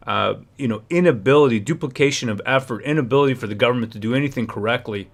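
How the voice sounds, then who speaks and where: A man hosting a live stream, ranting and rambling with frequent restarts and shifts between heated and low-key talk. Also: a little fast, fairly bright tone. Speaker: livestream host. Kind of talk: ranting livestream commentary.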